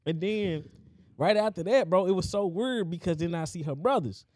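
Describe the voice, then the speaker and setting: A man's voice: high voice, moderate pace, darkish tone, no echo, studio quality. A man co-hosting a podcast, telling a childhood story in casual chat and acting out the quotes. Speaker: podcast co-host.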